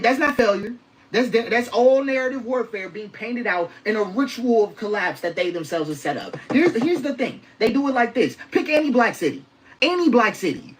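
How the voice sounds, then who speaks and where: A woman's voice: fairly high pitch, rough recording. A woman delivering spoken-word style commentary, emphatic and rhythmic, repeating phrases for weight.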